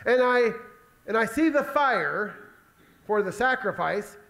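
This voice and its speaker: A man voicing an eager young son on a trip with his father, talking in an excited, chatty, boyish way. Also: high-pitched, slow pace, gravelly, full character voice. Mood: curious.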